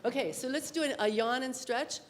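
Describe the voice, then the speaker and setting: A woman leading a congregation through playful vocal warm-ups, with encouraging cues and sung exercises. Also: high voice, a little fast, noisy background. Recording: echoey hall with loud instrument.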